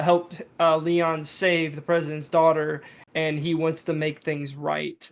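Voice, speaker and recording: A man's voice: fairly high pitch, gravelly. A man co-hosting a video game podcast, rambling in a casual review discussion. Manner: rambling, many fillers and restarts.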